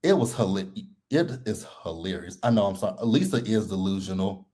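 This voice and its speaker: A man's voice: low voice, a little fast. A man hosting a live reality TV recap, talking casually and bluntly and laughing a lot. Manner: blunt, animated and laughing often.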